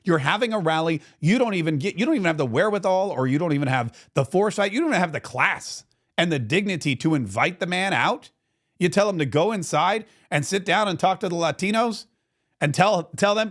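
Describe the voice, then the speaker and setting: A man's voice: sits high, lively intonation, quick pace, fairly bright tone. A man hosting a political commentary show, telling the story with indignant sarcasm. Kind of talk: opinion commentary monologue.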